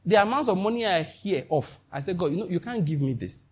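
Husky Nigerian pastor preaching emphatically. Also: male voice, high voice, fairly quick. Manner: emphatic, animated preaching with Nigerian Pidgin asides. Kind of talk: sermon.

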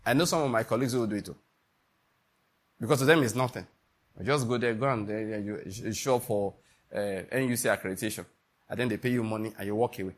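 A man's voice: on the low side, quick pace. A middle-aged Nigerian man preaching a sermon, emphatic, asking the listeners questions and acting out little scenes.

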